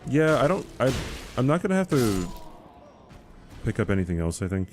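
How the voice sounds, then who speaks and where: A man with a lowish, mellow voice chats casually while streaming a game. He rambles through answers to chat questions, with a faint background hum. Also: big pitch swings, normal speed.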